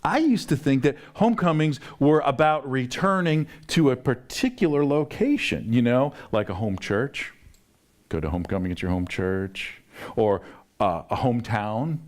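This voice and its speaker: A man, a pastor, telling a story in a relaxed conversational sermon and acting out the quoted voices. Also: mid-range voice, normal speed.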